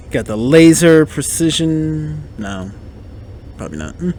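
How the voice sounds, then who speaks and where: A man with a fairly high, lively voice talks through a movie commentary in a relaxed, slow way. He chats and jokes as the film plays, often breaking into laughter. His pitch swings widely while the pace stays unhurried. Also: slight background noise. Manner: chatty, laughs often, joking asides. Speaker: podcast host.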